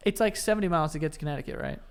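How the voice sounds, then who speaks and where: Young new guy, a bit high-pitched, teasing banter, casual podcast chat. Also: rapid-fire, smooth. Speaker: podcast co-host.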